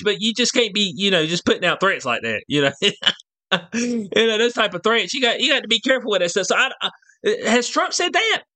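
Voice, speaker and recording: A male vlogger whose voice sits high, bright and forceful, rants casually in heavy slang. He fills it with rhetorical asides and keeps asking his audience "you know what I'm saying."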